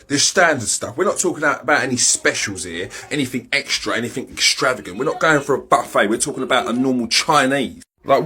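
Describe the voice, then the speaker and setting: A man's voice: mid-range voice, bright, forceful tone, slightly rough. A man complaining with outrage about prices, repeating himself for emphasis. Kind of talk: indignant rant to camera.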